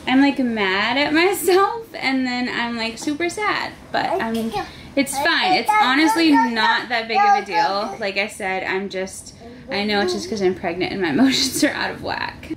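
A woman's voice: fairly high pitch, animated, normal speed, crowd noise. A young American woman vlogging at home in her kitchen, chatting casually and using doting baby-talk with her toddler. She is pregnant and sounds close to tears in places. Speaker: family vlogger.

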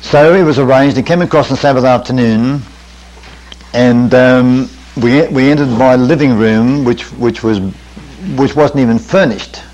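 A man's voice: medium pitch, a little slow, a little mellow, muffled recording. An older man, preaching at a camp meeting in a folksy storytelling way with self-deprecating asides, in a 1980s recording. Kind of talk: sermon storytelling. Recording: 1980s radio-quality recording.

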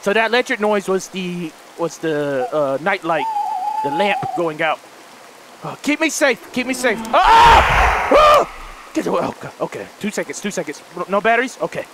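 A man hosting a horror let's play, frantic and jumpy, shouting and pleading, then muttering low to himself. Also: very animated, brisk, very noisy. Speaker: gaming channel host.

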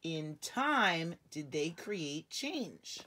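Woman doing a slow deep drawly voice, very slow, big swoops. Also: very animated, bright, forceful tone, slightly rough, heavily acted. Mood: ponderous. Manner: slow, drawn-out.

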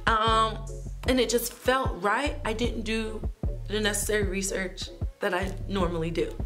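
Young adult woman, vlogger, sassy and animated storytime delivery, over a clear music bed. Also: medium pitch, unhurried. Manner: animated, sassy, talks straight to viewers. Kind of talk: casual storytime.

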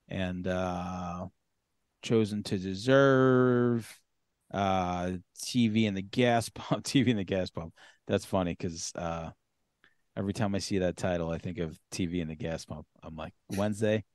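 A man's voice: sits low, steady tone, a little slow, dry recording, studio quality. A man hosting a podcast, chatting loosely with plenty of fillers and the odd curse. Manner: loose and profane, many fillers. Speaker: podcast host. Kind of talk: casual chat.

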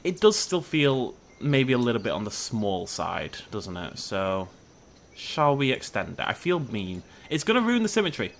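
A man's voice: medium pitch, sing-song, moderate pace, vocal fry, a bit bright, a little hiss or hum. A young man chatting casually through a gameplay video, joking and talking to the animals on screen. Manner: chatty, jokey, talks to the animals, sudden shrieks of surprise. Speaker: gaming video host. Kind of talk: casual let's play commentary.

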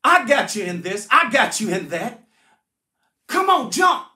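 God urges a frightened listener to take the leap, with insistent, reassuring repetition, as a preacher puts him on. The voice is high and bright. It echoes around a roomy space. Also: male voice, big pitch swings, measured pace, exaggerated voice. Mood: coaxing. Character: God as a reassuring father calling a child to jump.

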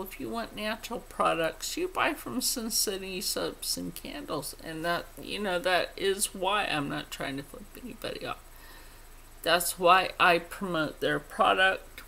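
A woman's voice: medium pitch, unhurried, creaky, pushed and bright, slight background noise. A woman vlogger chatting casually to her viewers, blunt and opinionated, swearing freely. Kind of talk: casual chat to camera.

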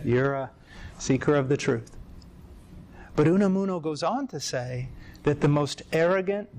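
A middle-aged man preaching in a lecture-style sermon, telling stories emphatically and jumping up in pitch on his key points.

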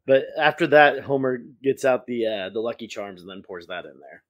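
A man's voice: mid-range voice, expressive, brisk, muffled recording. A man co-hosting a podcast, dropping wry comments and chuckles while recapping a cartoon episode. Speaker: podcast co-host. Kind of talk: casual episode recap chat.

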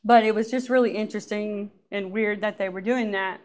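A woman giving a lively personal testimony at church, often laughing and acting out what people said. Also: mid-range voice, a little fast.

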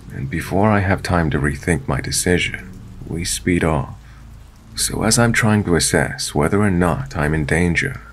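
A man narrating a true scary story in a steady, measured storytelling voice. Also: low-pitched, slight background noise. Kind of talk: scripted narration.

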